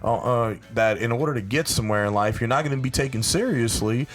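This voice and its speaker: A man's voice: medium pitch, quick pace. A man from South Louisiana with a Cajun accent, talking bluntly and with energy as a podcast guest, swearing freely. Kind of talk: casual podcast chat.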